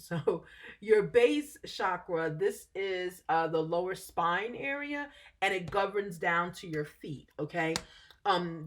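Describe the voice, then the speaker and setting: A woman's voice: lowish voice, a bit bright. Chatty woman teaching spiritual ideas. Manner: chatty, frequent "okay?" check-ins, self-correcting. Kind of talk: casual explanatory talk.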